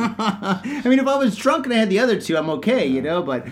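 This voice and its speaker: A man co-hosting a casual drinking podcast, telling stories in an animated, profane way. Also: sits high, a little fast, hardly any pauses, soft background music. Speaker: podcast co-host. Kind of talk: casual boozy podcast chat.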